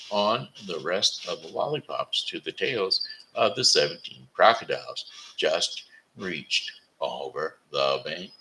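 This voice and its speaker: A deep, gravelly man from Missouri reads a children's book aloud, slowly and with a lively, rising and falling pitch. He stumbles over words and corrects himself as he goes. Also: a little hiss or hum, low-quality recording. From Missouri, USA. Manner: slow reading with stumbles and self-corrections. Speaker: host reading aloud.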